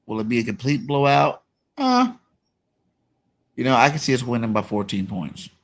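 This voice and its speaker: Gravelly-voiced man talking sports. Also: mid-range voice, normal speed. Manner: relaxed, filler-heavy, lots of "you know". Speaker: podcast host. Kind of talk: casual sports talk.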